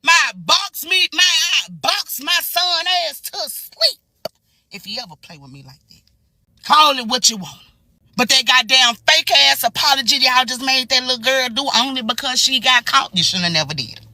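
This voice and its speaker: A woman ranting angrily to her phone camera in a heated, profane reaction, swinging between shouts and low mutters. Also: lively intonation, moderate pace, dry recording. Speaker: social media commentator. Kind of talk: angry reaction rant to camera.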